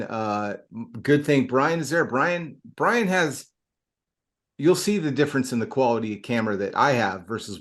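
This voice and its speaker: A middle-aged man with a mid-range voice hosts a podcast in a loose, casual way. He tells a long, rambling story with plenty of fillers, restarts and slang. His delivery stays animated and chatty throughout. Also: mid-range voice. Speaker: podcast host.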